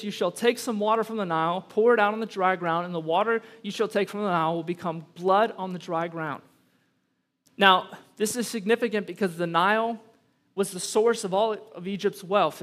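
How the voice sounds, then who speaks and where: A man pastor preaching a sermon, reading scripture and then making emphatic points with conversational asides to the congregation. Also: sits high. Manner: emphatic, rising to loud peaks on key points.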